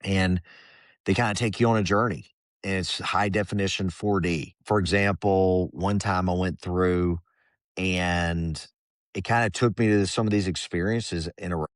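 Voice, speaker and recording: A former soldier in middle age, speaking in a very deep, low register. He talks in a loose, rambling way, acting out the voices he heard. The sound is dry and close, with no room behind him. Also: moderate pace, no room sound. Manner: relaxed, rambling, drops into quoted inner voices. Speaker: guest, former Army Ranger. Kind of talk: candid conversational storytelling.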